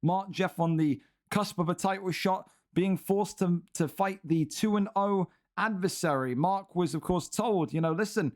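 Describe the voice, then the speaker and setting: A man's voice: sits high, measured pace, few pauses, darkish tone. A young man commentating video game fights, blunt and exasperated, ranting and swearing at a fighter's choices. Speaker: commentator and league host. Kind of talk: excitable esports fight commentary.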